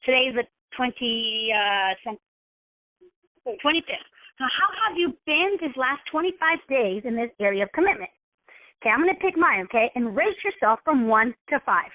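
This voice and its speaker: High-voiced woman coaching over the phone. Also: normal speed, no echo. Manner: constantly checks in with listeners; acts out scenarios in animated voices. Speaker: wellness coach. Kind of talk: motivational coaching talk. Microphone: telephone. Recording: tinny phone line.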